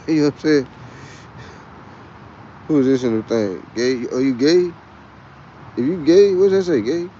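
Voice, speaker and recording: A man's voice: fairly high pitch, unhurried, long pauses, dark tone, muffled recording, a little hiss or hum. A man with a Texas twang, chatting in a rambling, boisterous and profane way on a casual livestream. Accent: Texan. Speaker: livestream host.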